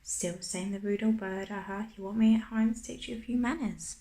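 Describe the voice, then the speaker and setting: A cheeky, scolding parrot read by a woman in whispered role-play, chanting its little phrases severely. The voice sits at a middling pitch and rings in a roomy space. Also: steady tone, fairly quick, warm tone, natural voice. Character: rude squawking pet parrot, female. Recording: roomy echo.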